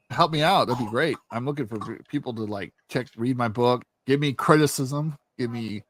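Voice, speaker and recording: Recorded dry, a young man with a medium-pitched voice plugs his own book as an indie author and channel host. His casual rant is profane, blunt and animated.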